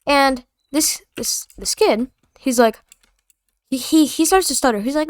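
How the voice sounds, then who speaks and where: A woman's voice: high-pitched, unhurried, no echo, studio quality. A young woman telling a story in a casual, rambling, slangy and sarcastic way. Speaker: vlogger.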